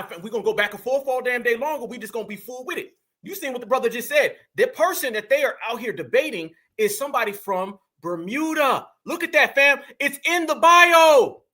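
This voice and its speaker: A man with a very high, piercing voice, delivering emphatic commentary like he's preaching. He speaks straight to his audience and pushes every point hard. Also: sharp tone. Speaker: podcast host. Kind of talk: political commentary.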